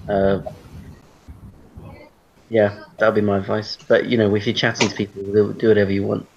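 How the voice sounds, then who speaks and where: Male tutor, casual explainer, deep gravelly voice, dull call audio. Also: moderate pace, slight background noise. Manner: relaxed, explains with spoken examples. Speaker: English tutor. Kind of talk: online class explanation. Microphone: video call.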